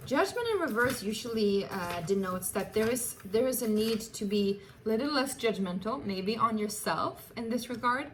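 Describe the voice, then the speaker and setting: A woman's voice: fairly high pitch, animated, moderate pace, few pauses, a little hiss or hum. Chatty woman giving a tarot reading. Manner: chatty, affectionate, laughs often, restarts phrases. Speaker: tarot reader. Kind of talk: casual tarot reading to camera.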